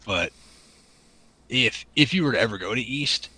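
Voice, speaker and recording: A man's voice: mid-range voice, expressive, normal speed, bright, forceful tone, slightly rough, poor audio. A man from the Pacific Northwest, co-hosting a podcast in casual chat, rambling with ums and restarts. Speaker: podcast co-host.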